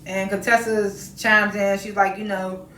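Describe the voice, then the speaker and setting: A chatty woman recaps a reality TV episode in a loose, casual way and laughs often as she retells it. Her voice sits at a middle pitch. The room around her adds a noticeable echo. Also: flat delivery, unhurried, fairly bright tone, a little hiss or hum. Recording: roomy echo.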